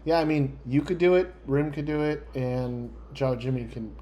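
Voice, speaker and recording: A man running a tabletop role-playing game, easygoing and quick to laugh. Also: medium pitch, fairly even intonation, dark tone. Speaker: game master.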